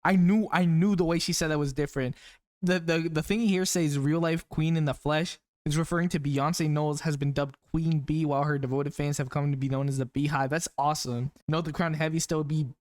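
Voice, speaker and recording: Excitable man reacting to an album. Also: on the high side, a little fast. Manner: excitable, exclaims and swears often; rambling with many fillers and restarts. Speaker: music reviewer. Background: the album playing faintly behind him.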